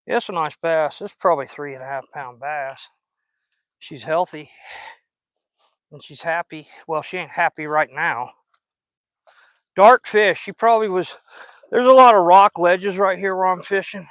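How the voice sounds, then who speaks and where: A man's voice: high-pitched, moderate pace, long pauses, a bit bright, dry recording. A man, chatting folksy and casual while fishing outdoors on a riverbank and recording on a phone, sweet-talking the fish he catches. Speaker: fishing vlogger.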